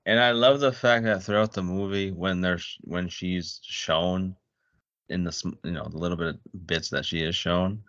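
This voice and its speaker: A man's voice: low-pitched, steady tone, normal speed, a bit bright, no room sound, lo-fi sound. A man co-hosting a podcast, chiming in casually about a film in a blunt, profane way. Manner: short agreeing interjections, blunt and profane. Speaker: podcast co-host. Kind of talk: casual movie discussion.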